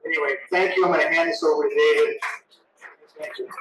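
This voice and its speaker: A man's voice: on the high side, steady tone, fast talker, a bit bright, dull audio. A man sharing a playful anecdote at a memorial tribute in an event room and inviting others up to speak. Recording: roomy echo from a distance.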